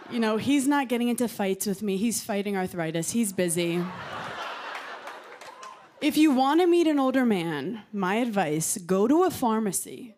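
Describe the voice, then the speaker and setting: A woman in her thirties doing a stand-up comedy set on a television studio stage, with a punchy deadpan delivery. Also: medium pitch, background noise. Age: 30s. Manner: punchy deadpan delivery, acting out quoted voices.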